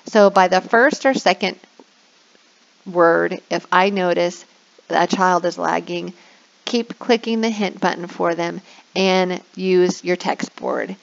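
A woman walks through how she runs an online classroom game, talking in a chatty, easygoing tutorial style. Her voice has a light gravelly edge. The recording sounds a little dull and lo-fi. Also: lowish voice, normal speed. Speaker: online English teacher. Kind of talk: tutorial walkthrough.

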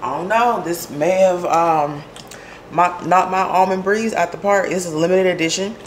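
A woman vlogging casually from her kitchen at home, her voice hoarse and raspy from a sore throat, chatting straight to her viewers and laughing often. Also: lowish voice, normal speed, a little hiss or hum. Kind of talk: casual vlog chat.

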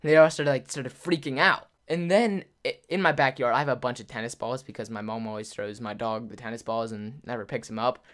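A young man chats through a story to his camera, stringing it together with endless "like"s and little laughs. His voice sits at an ordinary middle pitch, relaxed and unpolished. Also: fairly quick, hardly any pauses. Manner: rambling, full of "like", laughs often. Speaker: YouTuber.

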